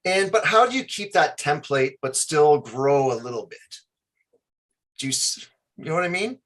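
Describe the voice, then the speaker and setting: A man's voice: on the high side, animated, normal speed, fairly bright tone. A man hosting an interview, asking long, hesitant questions with frequent restarts. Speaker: interviewer host.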